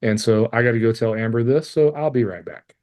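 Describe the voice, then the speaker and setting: A man's voice: medium pitch, brisk, darkish tone. Man telling a raw story. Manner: candid and emotional, swears freely; laughs through hard memories. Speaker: podcast guest. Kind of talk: personal storytelling in a podcast interview.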